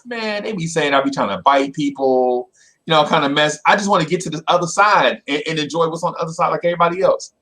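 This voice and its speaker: A man's voice: on the high side, fast, pushed and bright. A man voicing a streetwise male snake in a spoken fable. The snake talks in a slangy, drawling way and pleads to be carried across a river. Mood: boastful.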